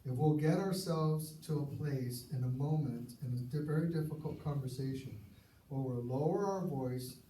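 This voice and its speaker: A man preaching a sermon, earnest and conversational, sometimes dropping his voice low for emphasis. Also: moderate pace, mellow. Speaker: pastor. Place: church sanctuary. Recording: echoey church hall, mic at a distance, faint hiss.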